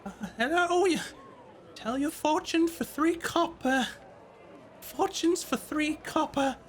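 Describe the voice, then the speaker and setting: A man voicing a frail old woman fortune teller who speaks in a slow, quavering sales patter. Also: very high-pitched, a little hiss or hum, pitched above the performer's own voice. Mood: beckoning.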